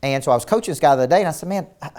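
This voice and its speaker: A man's voice: on the high side, expressive, very fast, a little mellow. A man coaching a virtual seminar in an intense, emphatic way, firing rhetorical questions at his audience and repeating words as he starts each point. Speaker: business coach.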